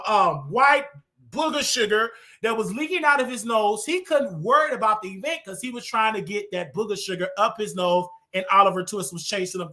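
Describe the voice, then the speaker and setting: A male host tears into his targets in a heated commentary rant. He mocks and repeats himself for effect, and his voice is high-pitched and bright. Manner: heated, repetitive, mocking. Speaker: show host.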